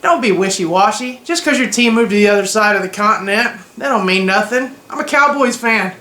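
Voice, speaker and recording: High-voiced, bright man vlogging reactions. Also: brisk, echoey room. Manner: opinionated and joking, slangy. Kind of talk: casual reaction vlog.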